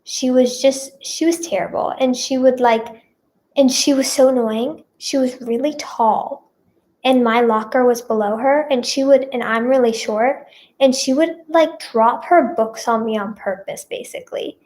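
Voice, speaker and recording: A woman's voice: sits high, unhurried, darkish tone. A woman vlogger chatting casually through a storytime, rambling with lots of fillers and repeats, and leaning dramatically on her feelings. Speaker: singer and vlogger.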